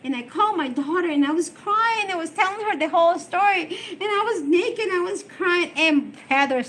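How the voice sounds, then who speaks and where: A woman's voice: very high voice, lively intonation, moderate pace, a bit bright, a little hiss or hum. A middle-aged woman chatting casually on a live stream, emotional and rambling as she answers viewer comments.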